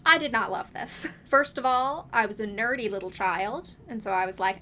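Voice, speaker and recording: A woman talks through her commentary in a bright, tense voice pitched a little high, chatty and opinionated. She drops wry, sarcastic asides and laughs often. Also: expressive, moderate pace, few pauses, a little hiss or hum. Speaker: video essayist reviewing films. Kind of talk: casual scripted commentary.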